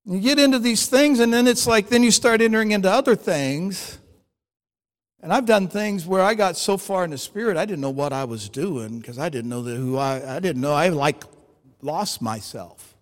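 A strikingly high-pitched male preacher tells stories from the pulpit, acting out each exchange with lively voices. His words ring out with a long, echoing reverb from the hall. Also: moderate pace. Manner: animated, acts out dialogue in stories. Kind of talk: storytelling sermon.

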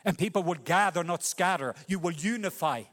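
A Norwegian man preaching a sermon with passion, rising to loud cries and dropping to hushed lines. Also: high voice, expressive, moderate pace, in a large hall. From Norway. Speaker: pastor.

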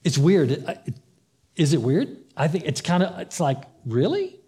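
Speaking at a normal speed, a man with a higher-pitched, dark-toned voice swings widely in pitch as he preaches. The pastor keeps the sermon conversational, performing the dialogue of the story and repeating phrases to stress them.

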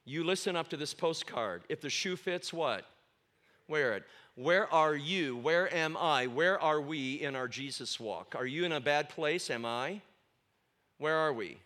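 A man preaching a sermon to a church congregation as a guest speaker, telling lively stories and asking the congregation questions. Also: a little high. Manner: animated storytelling with sudden loud exclamations; asks the congregation questions and pauses for answers. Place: church sanctuary.

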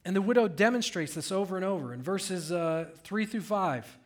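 A middle-aged man preaching a sermon, telling a family story with animated delivery that rises and falls. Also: high voice, moderate pace. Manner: animated storytelling, voice rising when recounting raised voice. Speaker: pastor.

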